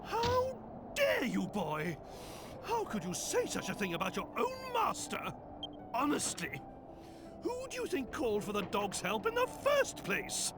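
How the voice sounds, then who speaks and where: A man's voice: extremely high pitch, huge pitch swings, a little slow, over music, full character voice. An actor playing a haughty, indignant old king cursed into a monster, in a game's voice acting, with a theatrical manner. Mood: outraged. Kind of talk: game voice acting.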